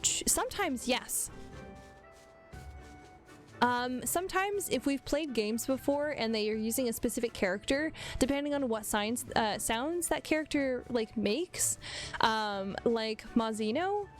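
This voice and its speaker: A woman's voice: fairly high pitch, animated, a little slow, faint music behind. A woman hosting a live stream in casual chat. She giggles often and talks loosely, with many fillers. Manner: giggly, chatty, lots of fillers. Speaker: streamer host.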